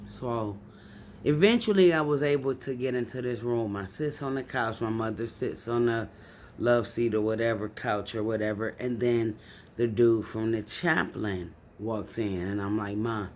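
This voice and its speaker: Young woman, emotional confessional vlog delivery, tipsy, swinging from hushed to loud and cursing. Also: moderate pace, slight background noise. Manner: raw, profane, swings from low and subdued to loud and angry. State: tipsy from drinking. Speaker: vlogger. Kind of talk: emotional personal storytelling.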